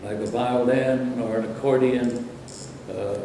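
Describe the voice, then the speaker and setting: A man's voice: mid-range voice, fairly even intonation, unhurried, creaky, heavy reverb, distant mic, noisy background. An older man from Brooklyn, New York, reminiscing in a rambling, anecdotal way during an interview. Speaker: interviewee, former radio announcer.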